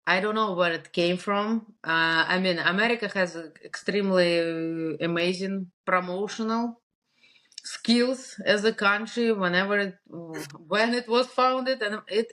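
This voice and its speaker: A woman's voice: mid-range voice, a bit bright. Laughing Russian-accented woman guest. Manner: laughs often, halting restarts. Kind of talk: casual interview chat.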